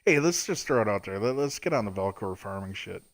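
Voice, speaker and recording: A man's voice: lowish voice, expressive, brisk, no echo, studio quality. A man co-hosting a casual podcast chat while drinking, laid-back and profane, with sighs. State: drinking during the show. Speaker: podcast co-host.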